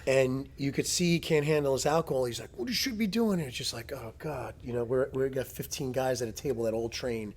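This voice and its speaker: A man hosting a casual chat as a jiu-jitsu coach, telling stories with plenty of swearing and loud impressions of people. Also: medium pitch, fairly even intonation, fast talker, hardly any pauses. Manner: profane, storytelling, imitates people loudly.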